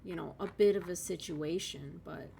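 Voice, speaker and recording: A woman's voice: on the low side, normal speed, creaky, background noise. A woman giving casual gameplay commentary, chatty and thinking aloud, with sudden exasperated outbursts. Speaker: let's play gamer.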